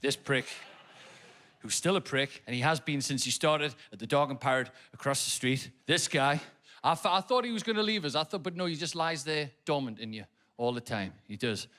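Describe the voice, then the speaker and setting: A man's voice: fairly high pitch, animated, moderate pace. Geordie man doing stand-up comedy. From North East England. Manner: swearing, storytelling, sing-song nursery rhyme bits, rising to shouted punchlines. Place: large theatre stage before a live audience. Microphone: stage microphone.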